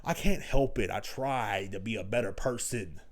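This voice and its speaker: A man's voice: fairly low pitch, moderate pace. Profane rambling man. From Texas. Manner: rambling, profane, crude jokes. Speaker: podcast host. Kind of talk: casual comedic podcast monologue.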